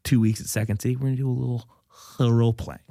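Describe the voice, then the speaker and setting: A man's voice: medium pitch, flat delivery, fast talker, creaky, mellow, no room sound, clean studio sound. A man from the Midwest hosting a comedy podcast in casual chat, joking and riffing playfully. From American Midwest. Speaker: podcast host.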